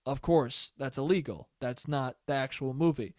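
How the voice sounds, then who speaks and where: A young man hosting a solo podcast, telling a rambling, profane story in a casual, animated way. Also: medium pitch, normal speed, no room sound, clean studio sound. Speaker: podcast host.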